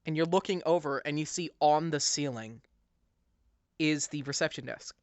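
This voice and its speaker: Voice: medium pitch, dry recording. A game master narrating a tabletop session over voice chat, rambling with many fillers. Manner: rambling, filler-heavy, quick to laugh.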